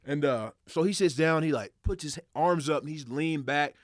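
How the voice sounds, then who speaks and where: Podcast guest, male, lively profane storyteller, fairly high voice, dry close sound. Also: moderate pace, no room sound. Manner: animated, profane, excitable retelling with acted quotes. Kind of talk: casual storytelling.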